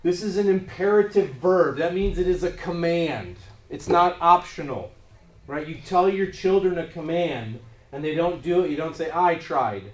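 A man's voice: on the high side, expressive, moderate pace. A man preaching a sermon, pressing his points with emphatic rises in force. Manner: emphatic, rising in force on key phrases. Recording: roomy echo, voice from a distance.

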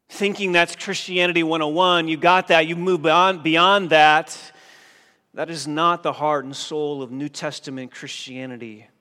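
A man's voice: sits high, sharp tone. A male pastor preaching a sermon in a church, pressing his listeners with emphatic questions. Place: church sanctuary. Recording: long reverb of a church hall.

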